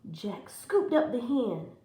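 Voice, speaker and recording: A woman teacher reading a children's storybook aloud in an expressive, animated way, recorded in an echoey room. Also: on the high side. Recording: roomy echo.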